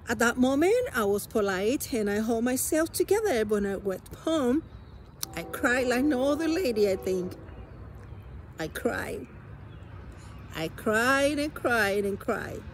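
An adult woman from a Spanish-speaking country, a native Spanish speaker, gives a personal testimony in a voice on the high side, with slight background noise. She sounds animated and earnest, telling her story haltingly and with emotion.

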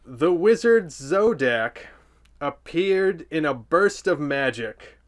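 A man's voice: on the high side, lively intonation, slow. A man reading a children's storybook aloud for comedy, with sarcastic, playful asides.

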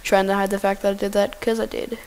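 A woman giving goofy, excitable casual gameplay commentary, talking to the animals in her game. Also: medium pitch, fast talker, a little hiss or hum.

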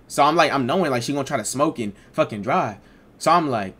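A young adult man streamer telling a casual storytime, animated, slangy and profane. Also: mid-range voice, fast talker.

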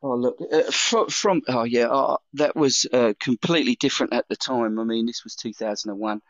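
A chef telling long anecdotes in a casual interview, with many fillers and restarts. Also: male voice, mid-range voice, moderate pace, no room sound. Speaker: chef guest.

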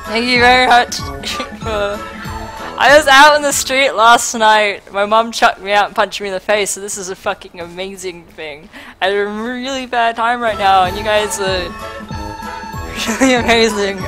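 Aussie girl streaming, giggly and overwhelmed, slow drawly talk, music going behind her. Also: mid-range voice, fairly even intonation, fairly bright tone, rough recording. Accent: Australian. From Australia. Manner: giggly, overwhelmed, swearing freely. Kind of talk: casual live-stream chat.

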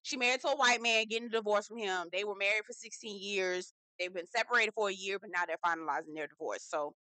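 A woman's voice: medium pitch, quick pace, sharp tone, no echo. A woman hosting a reality TV recap, talking in a sassy, profane, gossipy way with lots of chatty asides. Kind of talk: casual gossipy commentary.

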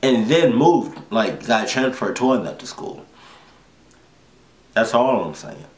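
A man's voice: mid-range voice, expressive, takes it slowly. A man reacting casually to a horror story, profane and exasperated, often repeating himself. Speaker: reaction video host. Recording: roomy echo.

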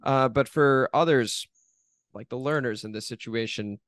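A man's voice: mid-range voice, a little slow, a bit bright, dry recording, clean studio sound. A man co-hosting a casual sports podcast, agreeing bluntly and swearing now and then. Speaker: podcast co-host.

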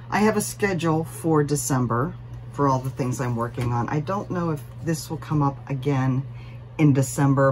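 A woman with a notably low voice chats to her viewers in a relaxed, rambling way, full of fillers and self-deprecating asides. She is recorded at home, with a faint hiss of room ambience behind her. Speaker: cross stitch vlogger. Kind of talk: casual chatty vlog.

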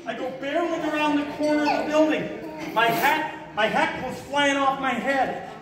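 A man giving a live talk as a raptor handler to an audience, an animated storyteller who acts out the voices and shouts in his story. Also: very high-pitched, moderate pace. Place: hotel event room with an audience. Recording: echoey hall, far from the mic, crowd audible.

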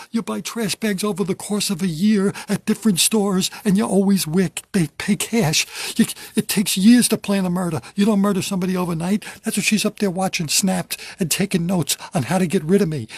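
A man's voice: a little high, moderate pace, breathy edge, no echo. An older man, a comedian, delivering a kvetching, self-mocking comedy rant from his basement at home. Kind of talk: stand-up comedy monologue.

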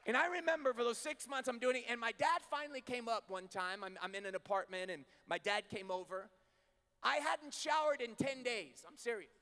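A man in his thirties preaching a sermon, moving from hushed storytelling to shouted preaching. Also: very high-pitched, fairly quick. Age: 30s. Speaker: pastor. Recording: long hall reverb.

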